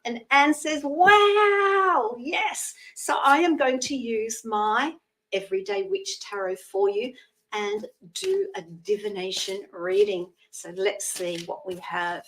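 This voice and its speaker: A woman's voice: mid-range voice, very animated, measured pace, far from the mic, rough recording. A woman in her sixties hosting a live psychic reading show, chatty and thanking viewers by name as she explains old traditions.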